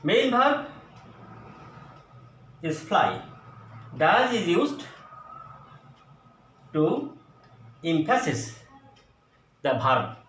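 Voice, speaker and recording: A man teaching an English grammar lesson at a board, explaining slowly and going over each example again. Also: sits high, wildly swooping pitch, a bit bright. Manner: slow, deliberate explaining with repeated examples. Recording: echoey room, voice from a distance, faint noise.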